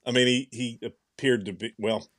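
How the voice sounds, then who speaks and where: Here a young male podcast co-host chats casually, wandering through his thoughts with many restarts. His medium-pitched voice is a bit bright, steady in tone and at normal speed, heard in studio quality with no echo.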